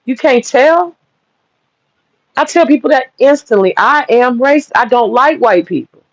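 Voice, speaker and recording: A woman's voice: fairly high pitch, animated, fairly quick, no echo. A woman hosting a livestream, ranting bluntly and heatedly, with a lot of profanity. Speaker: livestream host. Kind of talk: livestream rant. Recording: dull lo-fi dry audio.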